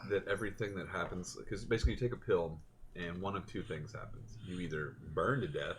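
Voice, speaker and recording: A deep-voiced man with a Boston accent rambles through animated stories and swears freely. Steady noise runs behind his voice. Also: brisk. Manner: rambling, animated storyteller who swears casually. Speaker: player. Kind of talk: casual chat. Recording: noisy background.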